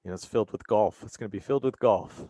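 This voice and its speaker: A man's voice: lowish voice, very fast, mellow, husky, dry recording. A man chatting casually with friends, upbeat and calling them brother. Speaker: co-host. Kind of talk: casual chat among friends.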